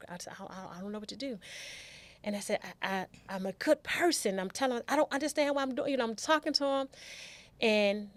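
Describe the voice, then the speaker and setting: A middle-aged woman, a show's guest, candidly telling her own life story in a heartfelt way. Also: on the low side.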